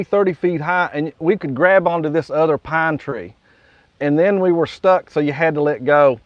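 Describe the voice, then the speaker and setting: A man's voice: on the high side, dry recording. West virginia guy rambling on his morning live chat, reads comments, chuckles, kinda muffled dry sound. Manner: rambling and folksy, reads viewer comments aloud and chuckles often. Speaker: host of a live morning coffee stream. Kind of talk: casual live-stream chat.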